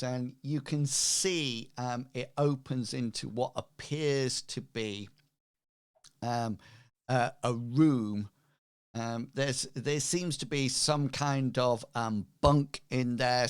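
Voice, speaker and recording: Slow hesitant man running a game. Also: medium pitch, clean tone. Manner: slow, hesitant, many ums. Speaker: game master. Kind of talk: narrating a tabletop game.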